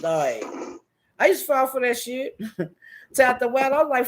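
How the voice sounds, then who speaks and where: With a very high-pitched voice, he speaks briskly over a noisy background. The Washington DC YouTube commentator casually rants about online streamers, swearing and laughing through animated stories and mimicking others' quotes in different voices.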